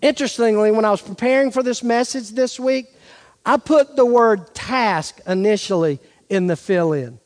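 A man's voice: high voice, moderate pace. A man pastor delivering a sermon, talking conversationally and asking rhetorical questions. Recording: reverberant hall.

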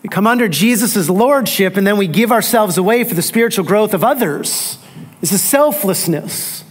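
A man's voice: high-pitched, expressive, normal speed. A man preaching a sermon, emphatic, repeating key phrases and asking rhetorical questions. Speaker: pastor.

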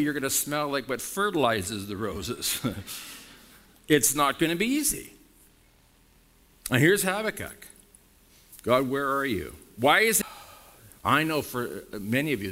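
A male pastor delivering a sermon with a lively, animated voice that rises and drops sharply for emphasis. He speaks frankly and bluntly, pressing his points home to the congregation. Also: normal speed. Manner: emphatic preaching with wide swings in pitch and loudness.

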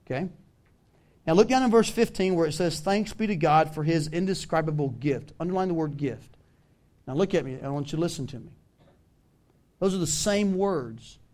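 A man with a Southern US accent preaching a sermon as pastor, animated and emphatic, calling on the congregation to respond. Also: on the high side, normal speed, long pauses. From American South.

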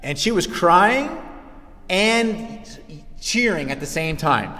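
A man preaching a sermon, animated, dropping low and then rising to shouts. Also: takes it slowly, big-room sound. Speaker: pastor.

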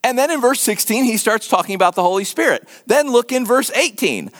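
Middle-aged guy preaching, high voice that swoops all over, chatty and fired up. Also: a little fast. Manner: animated, conversational preaching with repetition. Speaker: pastor. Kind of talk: sermon.

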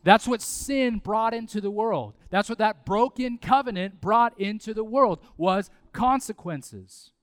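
A man, preaching a sermon in a conversational, animated way with asides and repetition. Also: high voice, unhurried, hardly any pauses, clean tone, dry recording. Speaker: pastor.

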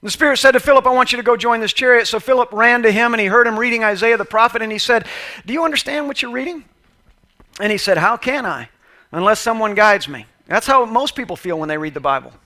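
A man preaching a sermon with passion, swinging between loud calls and quiet asides. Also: high-pitched, quick pace. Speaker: pastor.

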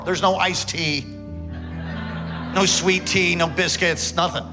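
A man, a pastor, telling a dramatic story in a sermon, swinging between loud excitement and hushed tones. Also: high voice, a little slow, long pauses, music in the background.

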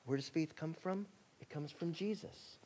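A male pastor preaching a sermon in a conversational way, acting out quotes and shifting between excited bursts and quiet, soft passages. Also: a little high, moderate pace. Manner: conversational preaching, acts out quotes, rising and dropping to a hush.

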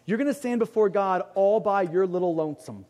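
High-voiced pastor preaching in a reverberant hall. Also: male voice, fairly quick, darkish tone. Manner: conversational, self-deprecating, emphatic repetition. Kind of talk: sermon.

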